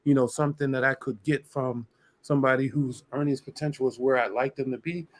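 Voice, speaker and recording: A man's voice: medium pitch, steady tone, a little fast. A man on a dating-show review panel, arguing his point in casual talk with many restarts. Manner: argumentative, explains at length with many restarts. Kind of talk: casual debate on a video panel.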